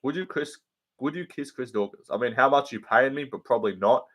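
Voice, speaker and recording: A man's voice: medium pitch, fairly quick, fairly bright tone, slightly rough. A man hosting a casual live show, answering viewer questions in a blunt, sweary and rambling way with many ums and likes. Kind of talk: casual livestream chat.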